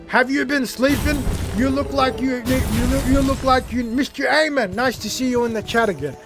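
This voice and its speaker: A young man streaming a game, chatting casually and rambling, often getting worked up and loud. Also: very high-pitched, moderate pace. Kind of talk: casual livestream gaming chat. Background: game music.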